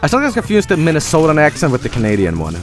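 A man's voice: fairly high pitch, wildly swooping pitch, very fast, soft background music. A man with a Swedish accent, a native Swedish speaker, giving rambling, joking commentary over a game stream and swearing freely.

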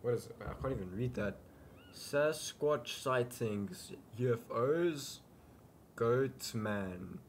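A man's voice: medium pitch, animated, takes it slowly, slight background noise. Mumbling male let's-play host. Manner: mumbling asides, jokey. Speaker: gaming video host. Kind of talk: casual let's-play commentary.

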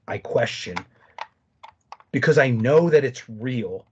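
Animated storytelling man, husky voice. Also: medium pitch, dull audio. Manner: animated storytelling, quick asides and restarts. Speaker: podcast guest. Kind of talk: casual conversation.

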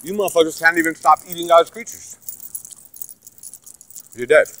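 Brash profane man ranting, bright voice. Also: normal speed. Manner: aggressive, profane, repetitive ranting; swings between loud shouting and low muttering. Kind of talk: profane religious rant to camera.

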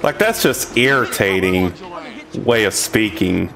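A man giving profane, exasperated commentary over a video game, dropping from low grumbles to high shouts. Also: a little slow, soft background music. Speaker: gameplay commentator.

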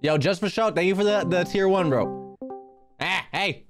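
A young man hosting a livestream, chatting casually with his chat in a loud, joking, profane way that swings into shouting. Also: high voice, normal speed, over loud music. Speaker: streamer hosting an art contest.

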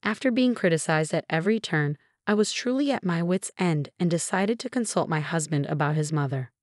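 A woman in her forties reads a first-person story in an even, measured way. Her voice is on the low side, and the recording is dry and close with no room sound. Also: no room sound. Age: 40s. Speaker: narrator.

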